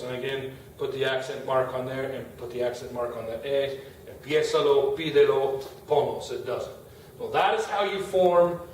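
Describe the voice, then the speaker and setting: A middle-aged man teaching Spanish grammar in a classroom, talking casually as he writes on the board. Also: a little high. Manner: casual, talks while writing on a board. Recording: echoey room, far from the mic, faint noise.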